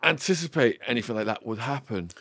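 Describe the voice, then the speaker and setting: A man's voice: mid-range voice, animated, fast talker, fairly bright tone, slightly rough, no echo, clean studio sound. A man hosting a podcast, mostly giving short acknowledgements and asking brief probing questions. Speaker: podcast host. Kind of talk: interviewing.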